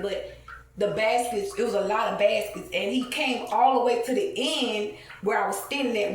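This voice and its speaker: A woman, telling a heated, profane story to camera with many fillers. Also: fairly high pitch. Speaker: vlogger. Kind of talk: casual rant to camera. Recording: very echoey, distant, faint ambient noise.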